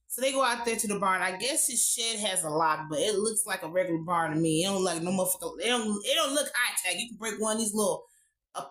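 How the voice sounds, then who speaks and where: A woman gives a casual, profane recap of a TV episode, full of blunt asides and running commentary. Her voice is bright and forceful. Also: mid-range voice, poor audio. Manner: blunt, profane, animated storytelling with frequent asides. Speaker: TV show reviewer.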